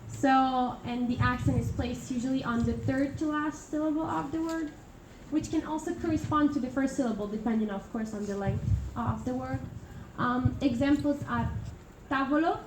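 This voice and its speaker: A woman's voice: high-pitched, moderate pace, hardly any pauses. A young woman from Italy giving a classroom presentation, hesitant and full of fillers and restarts. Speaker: international student presenter. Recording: echoey room from far off, noisy.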